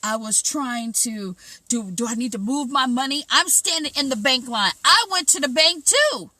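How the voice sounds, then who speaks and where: A middle-aged woman with a high, bright voice, recounting a story to her viewers. She talks in an animated, chatty way, repeating herself and acting out her own thoughts. The sound is close and dry. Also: moderate pace, no room sound. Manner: animated, retells events with lots of quoted self-talk and repetition. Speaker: vlogger. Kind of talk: casual personal storytelling to viewers.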